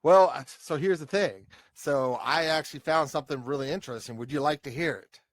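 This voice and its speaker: A man's voice: on the high side, fairly quick, dry recording, studio quality. A man co-hosting a podcast, playfully breaking down details of a book chapter and acting out its quotes. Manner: playful, animated, acts out quotes. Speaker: podcast co-host. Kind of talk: casual book discussion.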